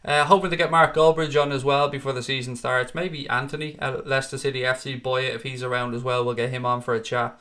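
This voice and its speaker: A man's voice: medium pitch, level tone, fast talker, hardly any pauses, a bit bright. A man hosting a casual fan channel livestream, answering viewer comments in a blunt, outspoken and often profane way. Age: adult with a wife and kids.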